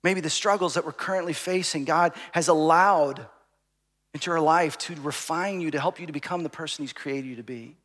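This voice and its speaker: A man preaching a sermon, telling a personal story, at times calling out loudly and at times dropping to a hush. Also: a little high, brisk, big-room sound. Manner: storytelling, rising to shouts and dropping to hushed asides. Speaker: pastor.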